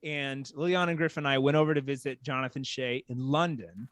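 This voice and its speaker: A man from small-town Texas telling a casual story as a podcast guest, animated and full of "like". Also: mid-range voice, fairly quick, no room sound. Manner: animated, heavy use of "like".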